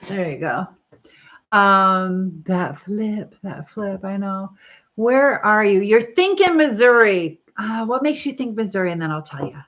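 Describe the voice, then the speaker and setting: A woman's voice: medium pitch, sing-song, takes it slowly, fairly bright tone. Chatty middle-aged woman on a live stream. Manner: chatty, rambling, frequent laughs. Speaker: livestream host reading viewer comments. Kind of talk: casual live chat while styling her hair. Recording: slightly dull lo-fi sound.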